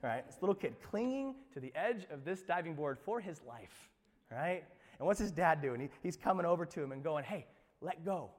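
A male pastor preaching a sermon, animated, swinging between loud emphasis and hushed asides. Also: on the high side, brisk, in a large hall.

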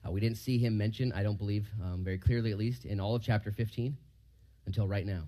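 A man, a pastor, giving a casual verse-by-verse sermon in a church hall. He questions the room and moves from loud emphasis to quiet asides. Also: fairly even intonation, quick pace. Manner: conversational, asks the room questions, rises loud for emphasis and drops low for asides.

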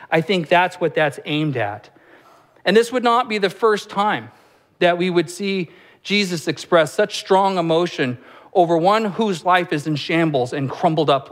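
A pastor with a fairly high voice explains scripture conversationally in his sermon, using rhetorical questions and joking asides. On solemn lines he slows down and softens.

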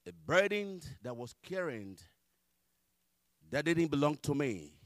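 A man preaching a sermon and telling his own testimony, impassioned and rising to shouts as he relives the struggle. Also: fairly high pitch, big pitch swings, slow pace, long pauses, no echo.

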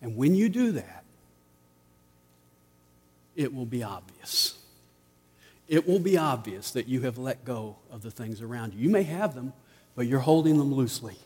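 A man preaching a sermon as pastor, rising to emphatic peaks and dropping to quiet asides. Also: medium pitch, expressive, moderate pace, long pauses, breathy edge, long reverb tail.

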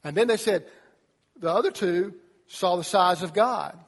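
A man preaching a sermon to young people as a youth pastor, animated, acting out voices as he tells the story. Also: high voice, a little slow. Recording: long reverb of a large hall.

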